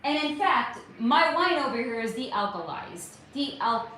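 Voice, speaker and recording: A woman's voice: sits high, measured pace. A woman in her thirties from California, hosting a casual livestream and greeting viewers by name, calling them honey and darling. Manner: warm-toned, calls viewers honey and darling, chatty and animated. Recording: very echoey room with faint ambient noise.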